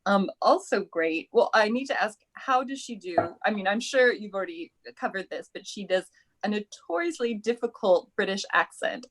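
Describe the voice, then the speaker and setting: A woman hosting a festival interview on a video call, enthusiastic and thinking aloud as she talks. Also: mid-range voice. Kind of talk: conversational interview.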